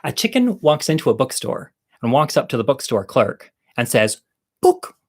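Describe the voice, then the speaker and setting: A man's voice: mid-range voice, very animated, normal speed. A man hosting his own show, telling jokes in a rambling, campy way that keeps interrupting itself. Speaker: host and storyteller. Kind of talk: stand-up joke telling.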